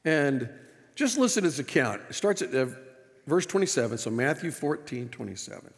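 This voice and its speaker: Gravelly-voiced male pastor preaching in a hall. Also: medium pitch, normal speed. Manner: animated preaching, voice rising and falling, wry asides. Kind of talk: sermon. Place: church sanctuary.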